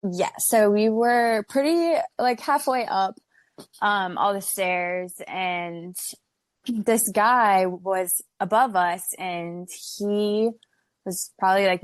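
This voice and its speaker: Excitable young woman, dry close sound. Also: mid-range voice, no echo. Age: young adult. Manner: excitable storytelling with frequent "like". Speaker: podcast guest. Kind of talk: casual interview storytelling.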